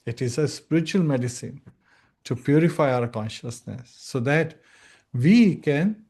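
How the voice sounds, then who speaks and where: Speaking as a spiritual teacher, this man delivers a sincere devotional talk on scripture, sometimes singing chant lines slowly and playing out short exchanges. His medium-pitched voice is expressive, with a somewhat dark tone.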